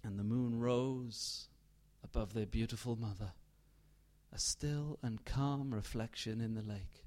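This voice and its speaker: A man narrating a dark tale in a slow, deliberate, hushed storytelling manner. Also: medium pitch, fairly even intonation.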